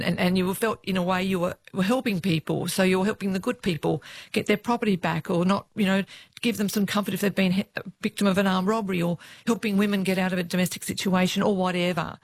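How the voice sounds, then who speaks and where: A woman's voice: mid-range voice, a little fast, dry recording. Australian woman telling police stories. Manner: lively anecdotes, quoting others' voices. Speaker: former police officer, guest. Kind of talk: interview storytelling.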